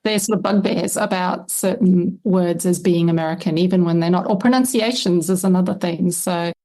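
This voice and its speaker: Mellow-voiced woman explaining history. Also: lowish voice. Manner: measured, explanatory, laughs lightly now and then. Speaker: historian and lexicographer guest. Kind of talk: interview answers, explanatory.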